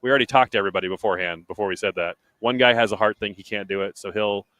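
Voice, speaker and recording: A man's voice: lowish voice, very fast, fairly bright tone, no room sound. A man commentating live on an obstacle race, emphatic and chatty, repeating his points. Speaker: race commentator and podcast host.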